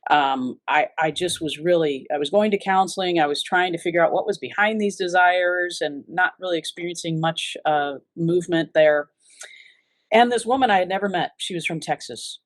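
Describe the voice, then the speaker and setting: A woman's voice: lowish voice, moderate pace, no room sound. A woman giving an earnest, reflective personal testimony in an interview, often restarting her sentences. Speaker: interview guest.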